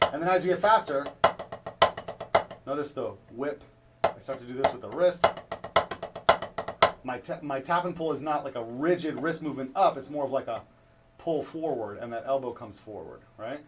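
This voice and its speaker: A man's voice: mid-range voice, normal speed, long pauses, loud music behind the voice. A male drum instructor giving a hands-on lesson, coaching step by step and checking in with "right?" after each point. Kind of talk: instructional demonstration. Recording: distant mic with clear background noise.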